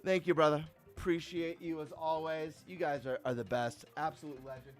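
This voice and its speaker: Hyped high-voiced male streamer. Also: normal speed, faint music behind. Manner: excitable, hyped, greeting viewers. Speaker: live streamer host. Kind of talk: casual live-stream chat.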